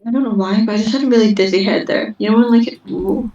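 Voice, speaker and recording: A woman's voice: mid-range voice, fast talker, vocal fry, mellow. A teenage girl, rambling and giggling through a casual chat as co-host. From Scotland. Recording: roomy, distant, dull mic.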